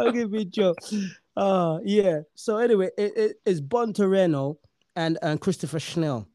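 Male host, chatty and profane, warm tone pitched a bit high. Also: unhurried, dry recording, studio quality. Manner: bantering, swears freely, jokey. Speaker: podcast host. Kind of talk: casual podcast chat.

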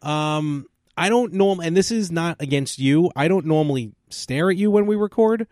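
A man's voice: a little high, lively intonation, moderate pace, a little mellow, no echo, clean studio sound. A man co-hosting a podcast, chatting casually and teasing his co-host with wry asides.

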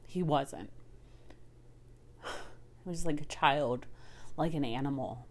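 Speaking slowly in a low voice, a woman gives a raw, emotional monologue about living with her partner, a recovering alcoholic. She's intimate, at times whispering and at times rising in anguish, and she swears freely.

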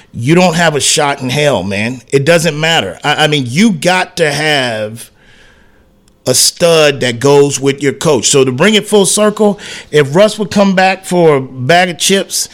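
A man co-hosting a sports talk radio show, telling a casual story and acting out the quoted dialogue, with "man" and "whatever" peppered through his speech. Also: a little high. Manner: animated anecdote teller who acts out quoted dialogue, frequent "man" and "whatever".

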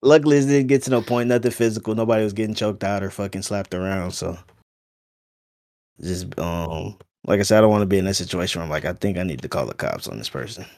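A man's voice: low voice, fast talker, a little mellow. A man in a casual podcast chat, telling stories in laid-back slang and swearing a lot. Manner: laid-back slangy storytelling, heavy profanity.

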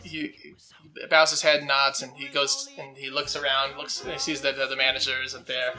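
A man's voice: medium pitch, flat delivery, normal speed, music in the background. A man playing a tabletop role-playing game, narrating his turn casually with lots of fillers. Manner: rambling, with fillers and laughter.

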